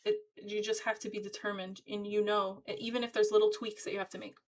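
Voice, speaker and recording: A woman reads tarot cards for her viewers in a casual, chatty way. Her voice sits at a middle pitch. She leans hard on her points and keeps urging listeners not to give up. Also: little pitch movement, fast, background noise. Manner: chatty, encouraging, emphatic. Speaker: tarot reader. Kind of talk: casual tarot reading to camera.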